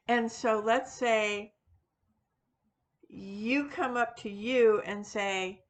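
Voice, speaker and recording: Woman host, unscripted chat to camera, unhurried delivery, lots of ums and self-corrections. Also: a little high, steady tone. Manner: rambling, frequent fillers and restarts, self-deprecating. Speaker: witchcraft video host; teacher of classes. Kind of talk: casual unscripted monologue.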